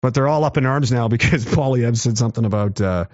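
A man hosting his own show, delivering a sarcastic, combative monologue to camera, swinging from low muttering to raised challenges. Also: fast, a little mellow, no echo, muffled recording. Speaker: commentary show host.

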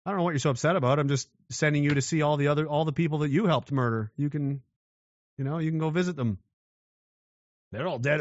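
A man's voice: a little high, big pitch swings, fairly quick, pauses often, no echo, muffled recording. Blunt, mocking man ranting. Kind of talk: monologue rant.

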